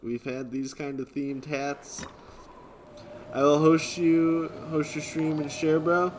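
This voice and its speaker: A man live-streaming, reading and answering viewer chat in a relaxed way, chuckling often. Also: a little high, takes it slowly, a little hiss or hum. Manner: laid-back, chuckling often, thanking viewers.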